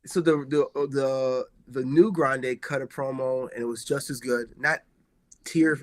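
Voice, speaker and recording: A man co-hosting a wrestling podcast, chatting casually and excitedly, rambling with lots of filler words. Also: medium pitch, a little slow. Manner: excitable, rambling, heavy use of "like". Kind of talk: casual chat.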